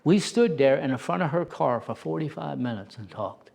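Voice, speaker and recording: Lively man telling stories. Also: a little high, moderate pace, creaky. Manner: lively, laughing, acts out quoted voices. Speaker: interview guest, storyteller. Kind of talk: animated personal storytelling.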